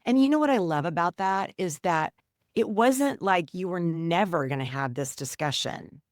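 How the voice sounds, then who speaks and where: A woman in her fifties, a podcast guest, telling stories in an animated, conversational way and laughing now and then. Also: on the low side, moderate pace, no echo, studio quality. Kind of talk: conversational storytelling.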